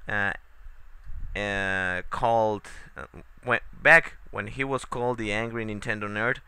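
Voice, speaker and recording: Guy swearing his way through a let's play, slow rambly talk, clear voice. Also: on the low side, steady tone. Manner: rambling, swearing, yelling at the game; hesitant with many fillers. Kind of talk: profane let's play commentary.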